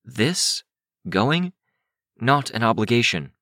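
A man's voice: mid-range voice, big pitch swings, slow, bright, forceful tone, no echo, studio quality, pitched above the performer's own voice, heavily acted. A man voicing a firm, frustrated young woman who leads a team of heroes in an audiobook.

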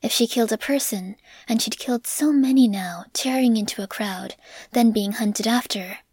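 A woman reads a dark story aloud in a measured, steady voice and drops to a whisper on grim lines. Her voice sits fairly high. The recording is dry and close, with no room echo. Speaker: narrator. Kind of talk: audiobook narration.

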